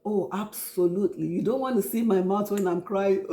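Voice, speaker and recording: A woman's voice: medium pitch, dark tone, echoey room. A Nigerian woman in her forties being interviewed about her life, telling her story openly and acting out remembered dialogue. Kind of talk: casual interview.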